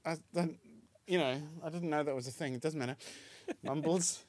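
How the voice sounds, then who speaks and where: A man's voice: on the high side, normal speed, no room sound. A man co-hosting a comedy trivia podcast, telling jokes with lots of giggling in casual chat. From South Africa. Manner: giggly, animated joke-telling. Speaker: podcast co-host.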